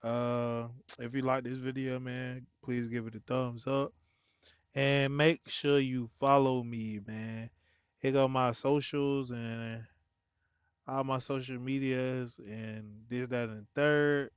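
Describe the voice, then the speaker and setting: A man's voice: mid-range voice, flat delivery, takes it slowly, clear, resonant tone, no room sound. A man hosting a reaction video gives a laid-back, casual sign-off and ends his lines with "man.". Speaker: reaction channel host. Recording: dry, slightly dull mic.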